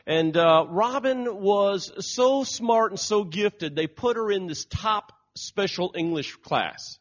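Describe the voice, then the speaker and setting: A man's voice: high-pitched, slow pace. Preacher man telling a sermon story. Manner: storytelling, animated, acts out quotes. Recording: dull lo-fi recording.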